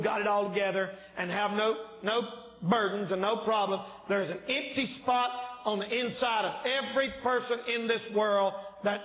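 Male revival preacher, shouting fervent delivery, slightly strained voice, echoey church room. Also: high-pitched. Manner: yells and shouts when preaching. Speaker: evangelist preacher. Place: church sanctuary.

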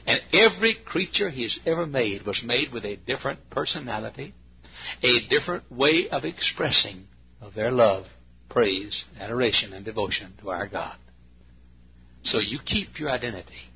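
A man in his late fifties preaching a sermon, folksy and storytelling, with a gravelly voice. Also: lo-fi sound. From Texas. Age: 50s. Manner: folksy, acts out anecdotes with bursts of high imitation and laughter.

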